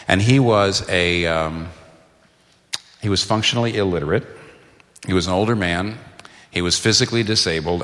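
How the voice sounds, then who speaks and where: Low-voiced pastor preaching in a reverberant hall. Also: male voice, fairly bright tone. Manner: storytelling, conversational, emphatic repetition. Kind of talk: sermon.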